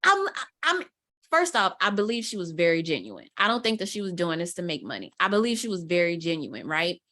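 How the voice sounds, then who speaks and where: A woman's voice: on the low side, fast. A woman, a guest mentor telling a story in casual interview talk, acting out quotes as she goes. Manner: animated storyteller, acts out quotes. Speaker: guest mentor, content strategist.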